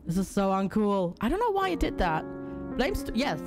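A woman live-streams a game, chatting casually, reading tutorial text aloud and thanking her viewers. Her voice sits at an average pitch with a lot of gravelly vocal fry. Game music plays faintly underneath. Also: very animated, normal speed, a little mellow.

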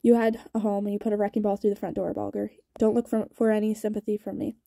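A woman reading from a novel voices a cold young gang boss with a gravelly rasp, taunting quietly and deliberately in a dark, muffled voice, though the words come quickly. Her voice is high and level in tone, with no echo, and the mood is threatening.

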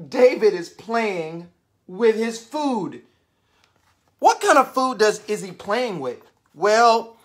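Animated woman reading a kids' book. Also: fairly high pitch, drawn-out words. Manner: animated, questions the listeners. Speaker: storyteller reading to children. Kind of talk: read-aloud picture book for kids.

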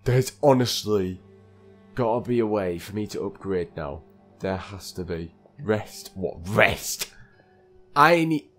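A man giving live gameplay commentary, talking to himself in a flustered way and repeating phrases as he plays. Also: sits low. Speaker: gaming channel host.

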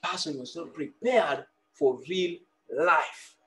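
Male preacher, very high-pitched, bright and forceful, quizzes the congregation as he goes. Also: lively intonation, measured pace. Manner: preaching with call-and-response questions. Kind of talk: sermon.

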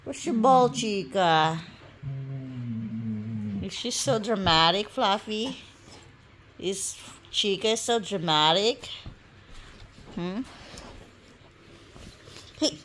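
A woman's voice: mid-range voice, lively intonation, slow, long pauses, a little hiss or hum. A woman chatting to her pet dogs at home in a sing-song, coaxing baby-talk voice. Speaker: pet owner vlogger. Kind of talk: casual talk to pets. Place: home with pets.

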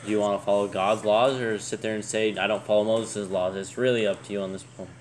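A man's voice: lowish voice, level tone, fast, a little hiss or hum. A man joining a casual scripture discussion, explaining his points emphatically.

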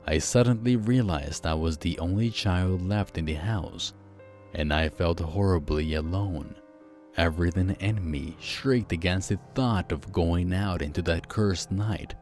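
A man narrating a first-person horror story, slow, hushed and suspenseful. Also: low-pitched, soft background music.

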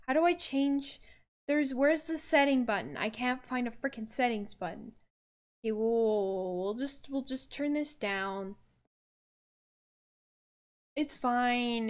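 Flustered young woman streaming live. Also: on the high side. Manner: flustered, exasperated, laughing outbursts. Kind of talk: casual live-stream chat.

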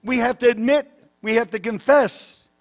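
Pastor, male, high-pitched tenor, emphatic preaching that swings loud to soft. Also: moderate pace. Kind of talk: sermon. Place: church sanctuary.

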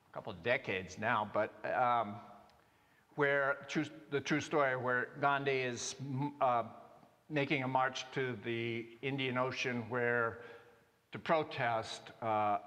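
A male pastor preaching a sermon in a conversational, halting way, with many restarts and fillers. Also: medium pitch, a bit bright. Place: church sanctuary. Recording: long reverb of a church hall.

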